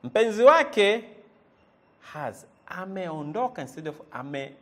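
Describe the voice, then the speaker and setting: A man's voice: high voice, big pitch swings, slow pace. A man teaching a language lesson, repeating words and quizzing the listener with "eh?" as he goes. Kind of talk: lively spoken language lesson.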